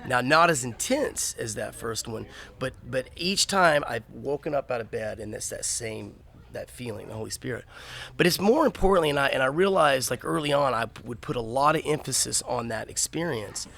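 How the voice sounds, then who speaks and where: A man's voice: mid-range voice, lively intonation, normal speed, vocal fry, fairly bright tone. A middle-aged man from the Texas panhandle, a podcast guest talking earnestly and emphatically, often restarting his sentences. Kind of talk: casual interview chat.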